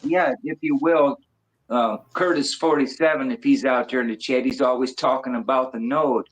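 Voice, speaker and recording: A man's voice: mid-range voice, moderate pace, slight background noise, rough recording. Rambling, laughing man in his sixties. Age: 60s. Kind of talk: casual stream chat.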